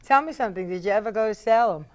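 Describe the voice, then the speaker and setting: A woman's voice: medium pitch, racing, a crowd in the background. A woman hosting a public-access TV talk show, chatting casually and telling rambling anecdotes to her guests. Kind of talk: casual studio chat.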